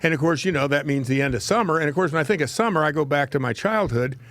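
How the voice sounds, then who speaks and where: A man's voice: a little high, quick pace, fairly bright tone, no echo. A man in his seventies hosting a talk show, telling a rambling, folksy story from his childhood and laughing at his own tales. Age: 70s. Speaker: host.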